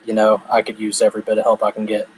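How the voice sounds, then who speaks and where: A man's voice: fairly low pitch, monotone, fast, a little hiss or hum, natural voice, low-quality recording. A man voicing a polite, slightly awkward male werewolf lawyer with a formal way of speaking.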